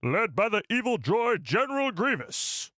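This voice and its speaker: A man putting on the voice of a grave, booming male war-news narrator, speaking slowly and dramatically. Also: big pitch swings, bright, forceful tone, no room sound, studio quality, full character voice. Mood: dramatic. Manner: dramatic, slow, announcer-like.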